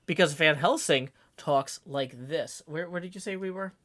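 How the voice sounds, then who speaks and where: A woman's voice: deep voice, normal speed. A woman streaming casually, chatting in rambling tangents and laughing often before reading a novel aloud. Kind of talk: casual live-stream chat.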